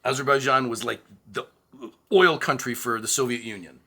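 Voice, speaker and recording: A man co-hosting a podcast, telling a story in casual chat, animated and swearing freely. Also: mid-range voice, moderate pace. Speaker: podcast co-host.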